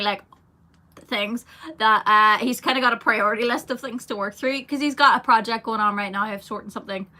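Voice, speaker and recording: A young singer from Ireland speaks in a slightly high, pushed, bright voice during a casual live stream. Chatty and giggly, she reads out what fans write and responds.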